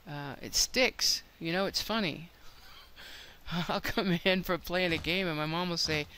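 An older woman narrates her gameplay in a chatty, thinking-out-loud way and teases herself now and then. Her voice is bright and a touch tense. A faint hiss sits under the recording. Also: lowish voice, unhurried. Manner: chatty, thinks aloud, self-deprecating. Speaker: let's play host. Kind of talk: gameplay commentary.

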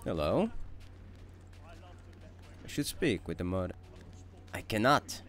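A man, not a native English speaker, commenting excitedly while playing a video game and thinking aloud. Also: low voice, normal speed. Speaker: gaming channel host. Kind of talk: let's-play commentary.

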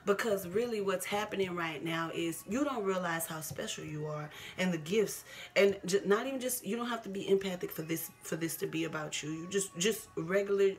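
A woman's voice: on the low side, a little fast, soft background music. A woman in her twenties speaking candidly to camera as a vlogger, laughing often and repeating herself for emphasis. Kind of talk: casual personal talk to camera.

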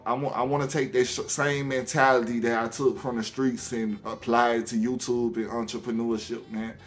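Faint music sits behind a young Southern-accented man from Alabama, casually addressing the camera on his own YouTube channel. His mid-range voice keeps halting with ums and restarts.

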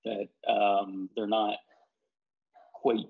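A man talking baseball as a reporter in a casual chat. He speaks haltingly, with many fillers and restarts. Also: on the low side, little pitch movement, narrow, tinny audio.

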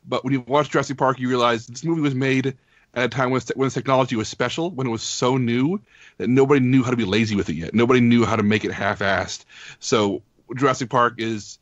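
A man's voice: fairly low pitch, no room sound, dull audio. A man on a podcast panel chatting casually, enthusiastic and emphatic.

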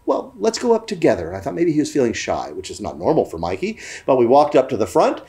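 A man telling a family story in a warm, lively storytelling manner for a family worship program. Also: medium pitch, fast.

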